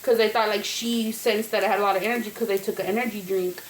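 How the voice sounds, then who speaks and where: A woman's voice: medium pitch, fairly even intonation, fast. A woman vlogger telling a rambling, profane story while cooking in her kitchen, with food sizzling in the background. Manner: chatty, profane, rambling with many fillers. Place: home kitchen. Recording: echoey kitchen, faint noise. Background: food frying and sizzling.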